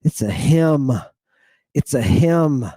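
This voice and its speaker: A man giving an animated, playful language lesson, slowly repeating words for his students to drill. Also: a little high, dry recording. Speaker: teacher.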